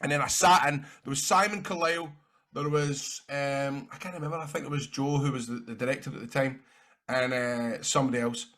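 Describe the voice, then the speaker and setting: Man, Scottish accent, mid-pitched voice, rambling anecdotes, animated, swears casually. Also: a little fast. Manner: animated, rambling, swears freely, acts out quotes. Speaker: interview guest, actor and wrestler.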